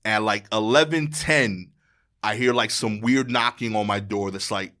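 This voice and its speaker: A man from Brooklyn holds forth as a podcast guest. He tells his story in street slang and acts out each character in turn. His voice climbs high and loud, then sinks low and quiet. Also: a little slow. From Brooklyn, New York. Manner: slangy, acts out quoted exchanges, voice drops low and quiet near the end. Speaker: stand-up comedian, podcast guest. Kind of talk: animated storytelling in casual chat.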